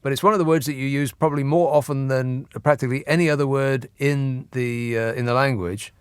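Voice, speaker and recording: A man's voice: medium pitch, fairly even intonation, a little fast, clean tone, no echo. Dry, sardonic male radio host. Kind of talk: late-night radio talk.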